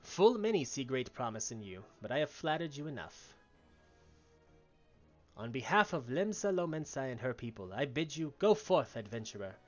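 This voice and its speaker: A man's voice: mid-range voice, very animated, normal speed, dull audio, soft background music, close to an everyday voice. A man voicing a stern female admiral in a video game, speaking in grave, formal, old-fashioned phrasing. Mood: solemn. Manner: grave, formal, archaic speech.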